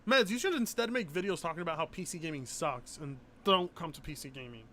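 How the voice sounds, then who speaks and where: A man's voice: fairly high pitch, fast, slight background noise. A man hosting a live stream, chatting casually, swearing and laughing often. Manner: profane, animated, laughs often. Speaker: streamer host.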